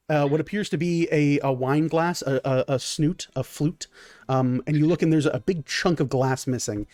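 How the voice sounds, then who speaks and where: A man's voice: on the high side, darkish tone, no echo. A man narrating a tabletop game as game master, improvising vivid descriptions.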